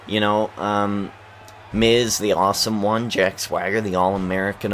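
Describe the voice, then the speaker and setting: A man's voice: fairly low pitch, flat delivery, normal speed, a little hiss or hum. A man giving casual, rambling gameplay commentary at home, keeping his voice down at night, full of fillers and restarts. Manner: kept quiet at night. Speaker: video game commentator.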